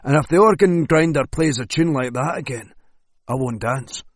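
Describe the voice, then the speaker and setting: A man's voice: medium pitch, moderate pace, dry recording, pitched above the performer's own voice, lightly acted. A man voicing a wary retired male hitman with a clipped, sardonic way of talking. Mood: guarded. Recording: dry close studio sound.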